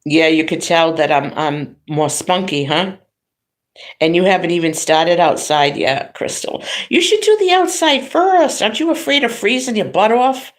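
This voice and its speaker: A woman's voice: lowish voice, animated, normal speed. A middle-aged woman hosting a livestream, telling family stories in a chatty way and laughing often. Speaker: livestream host. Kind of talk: casual chat.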